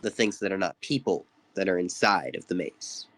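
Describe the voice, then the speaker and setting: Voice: deep voice, moderate pace, a bit bright, slight background noise, poor audio. A game master casually narrating a tabletop game with loose pacing and fillers.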